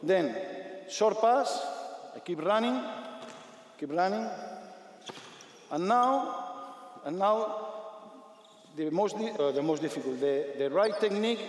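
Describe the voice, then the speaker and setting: High-voiced man coaching in an echoey arena. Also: takes it slowly, pauses often. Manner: energetic, repetitive commands, non-native English. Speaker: basketball coach. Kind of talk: on-court coaching demonstration. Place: large sports arena.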